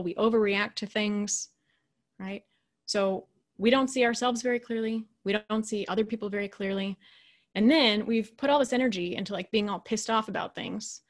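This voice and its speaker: A woman leadership coach giving a casual, animated lecture. She acts out quoted voices and keeps adding "right?". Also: mid-range voice. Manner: often adds "right?".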